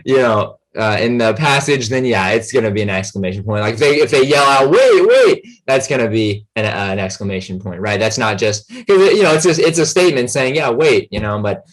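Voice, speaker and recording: In a medium-pitched voice, a tutor gives a loose, meandering grammar lesson, sprinkling in fillers and repeatedly checking in with his students.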